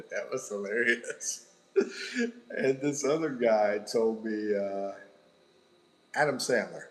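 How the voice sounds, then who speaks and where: A man's voice: fairly low pitch, low-quality recording. A middle-aged man hosting a casual livestream indoors by a window, rambling and chuckling as he chats. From United States. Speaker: livestream host. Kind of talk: casual live-stream chat.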